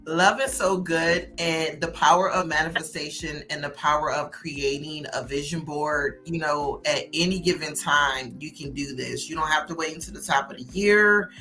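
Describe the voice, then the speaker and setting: Woman talk-show host, bright, forceful, preachy motivational delivery, faint music behind. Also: sits low. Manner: preachy, motivational, speaks of God and manifesting. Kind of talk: casual talk show, encouraging.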